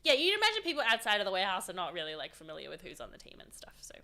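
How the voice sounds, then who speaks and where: A woman's voice: mid-range voice, wildly swooping pitch, very fast, bright, forceful tone. A woman narrating as dungeon master in a tabletop game, chatty and laughing often. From studied at a university.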